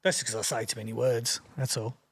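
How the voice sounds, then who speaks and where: An Australian man in his fifties, a rapper chatting casually as a podcast guest, talking quickly and rambling. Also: mid-range voice, level tone, gravelly, husky. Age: 50s. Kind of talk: casual chat.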